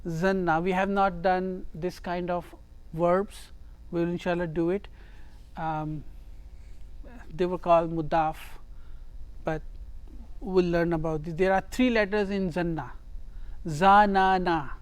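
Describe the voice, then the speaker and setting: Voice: mid-range voice, steady tone, a little slow, long pauses, darkish tone, smooth. A teacher giving a grammar lesson who reads each phrase, translates it and explains it step by step, often repeating words for emphasis.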